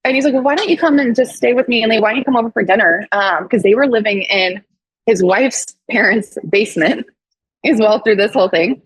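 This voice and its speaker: A woman in her thirties, a doctor sharing her story as a podcast guest, with a husky, slightly breathy voice. She talks candidly and animatedly, jumping into the voices of people she quotes. The sound is dry and close. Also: fairly high pitch, brisk, no room sound, low-quality recording. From St. Louis, USA. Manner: animated, acts out quoted dialogue with swearing and laughs.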